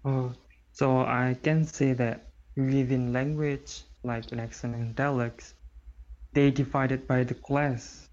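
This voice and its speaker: A man moderates a casual discussion and keeps asking curious questions. His voice sits at a middle pitch, and the recording is dull and muffled. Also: little pitch movement, slow pace, darkish tone.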